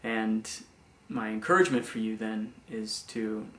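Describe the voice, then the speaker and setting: A young man giving a personal faith testimony, speaking haltingly with many restarts and repeated words. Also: fairly low pitch, steady tone, sharp tone, reverberant. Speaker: former missionary giving testimony.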